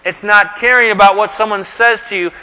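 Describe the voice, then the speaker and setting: A man's voice: high-pitched, steady tone, brisk, pushed and bright, clear, resonant tone, long reverb tail. A middle-aged male pastor preaching a sermon in a conversational, emphatic way, full of rhetorical questions.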